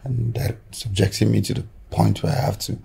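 A man playing a humble, apologetic husband in a Nigerian film drama, calm and with a Nigerian accent. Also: lowish voice, brisk, gravelly, slightly rough, full character voice.

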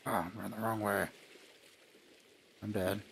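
A young man playing a game with a friend, joking and swearing excitably into a headset mic. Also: lowish voice, moderate pace, creaky, a little hiss or hum. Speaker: gamer. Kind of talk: casual let's play banter.

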